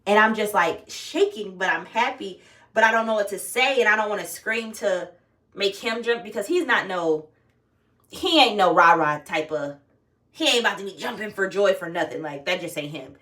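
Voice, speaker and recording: A woman's voice: mid-range voice, expressive, normal speed, pushed and bright, recorded from a distance. A young woman talking casually and candidly to her phone camera at home, swearing freely as she tells a personal story. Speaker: vlogger.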